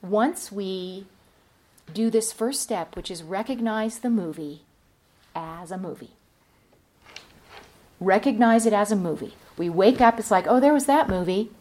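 A woman's voice: medium pitch, measured pace, pauses often, darkish tone. Woman giving a reflective dharma talk. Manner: reflective, storytelling, many fillers. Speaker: meditation teacher. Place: retreat center.

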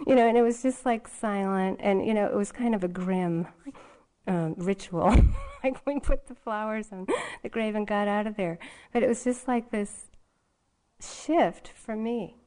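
Woman meditation teacher rambling thru a personal story, lots of "like" and "you know", mid pitch. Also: moderate pace, warm tone. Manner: candid, rambling, many fillers and restarts. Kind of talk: dharma talk, personal storytelling.

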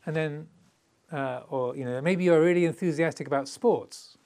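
A middle-aged English meditation teacher gives an easygoing Dharma talk, conversational and playful, laughing often and acting out little quoted voices. He speaks at normal speed in a fairly high voice with a darkish tone.

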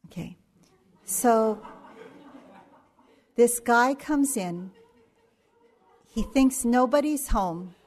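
A middle-aged woman meditation teacher telling a story in a dharma talk, unhurried and anecdotal, with frequent pauses and fillers. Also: a little high, expressive, a little mellow.

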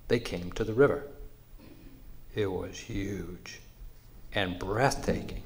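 A man telling a traditional animal story in a measured, unhurried narration. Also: on the low side.

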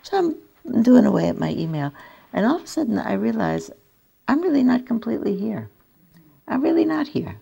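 An older woman giving a dharma talk as a meditation teacher, telling stories in a gentle, reflective way. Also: a little high, wildly swooping pitch, normal speed, gravelly, husky, dull audio. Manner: gentle, reflective storytelling with soft laughs.

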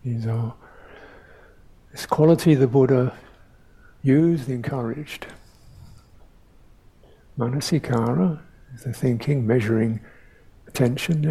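Older male meditation teacher; reflective dharma talk, dark and mellow tone, slow delivery. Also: medium pitch, creaky, slightly rough, poor audio. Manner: slow, reflective, with pauses and soft hums.

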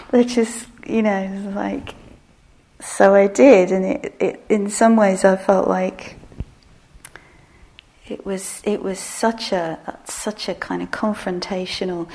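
A middle-aged woman giving a relaxed meditation talk, soft-spoken and self-deprecating with frequent laughter. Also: medium pitch, takes it slowly, long pauses. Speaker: meditation teacher.

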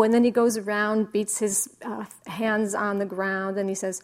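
A woman meditation teacher giving a slow, reflective dharma talk with soft pauses. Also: mid-range voice, fairly even intonation. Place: meditation hall.

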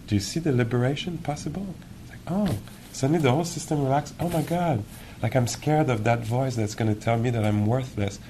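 A man giving a meditation teacher's dharma talk in a gentle, reflective, musing way, with many pauses. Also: medium pitch, a little hiss or hum. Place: retreat hall.

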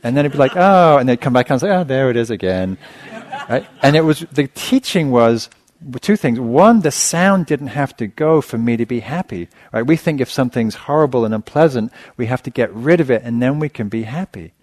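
A middle-aged man, a meditation teacher, giving a dharma talk in a relaxed storytelling manner with self-deprecating humor. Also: medium pitch, a little fast, dry recording. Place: meditation center hall.

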